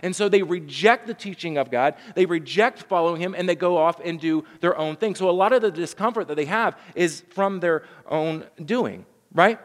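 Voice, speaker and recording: A man's voice: high-pitched, moderate pace, hardly any pauses. A man in his thirties preaching a sermon, earnest and conversational, often restarting his sentences. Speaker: pastor. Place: church sanctuary. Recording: long reverb of a large hall.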